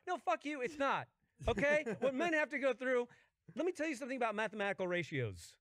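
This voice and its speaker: A man's voice: very high voice, very animated, brisk, fairly bright tone, no echo, clean studio sound. A man telling a comic story in casual chat, ranting and swearing, acting out other people's voices.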